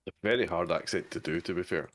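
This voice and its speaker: A man joining as a guest on a casual livestream film chat, jokey and quick with agreement. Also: sits low, a bit bright.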